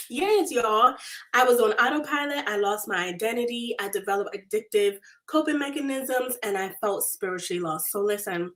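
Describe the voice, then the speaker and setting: Woman, thirties, somewhat high voice; animated, laughing faith-podcast host who talks to listeners like close friends. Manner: animated and confessional, laughing often, reading chat comments aloud. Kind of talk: casual faith podcast talk.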